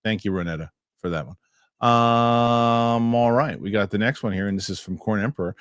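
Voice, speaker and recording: A middle-aged man hosting a casual talk show, telling stories and reading viewer messages with animated, excitable delivery. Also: on the low side, normal speed, no room sound, studio quality. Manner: animated storytelling, excitable rants. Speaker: show host. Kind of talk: casual chat.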